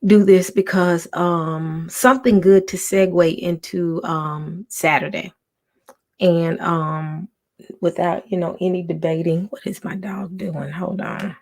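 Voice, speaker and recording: Woman host, low gravelly voice, hushed rambling livestream chat from home. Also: fairly even intonation, slow pace. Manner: soft, half-whispered talk with many ums and restarts.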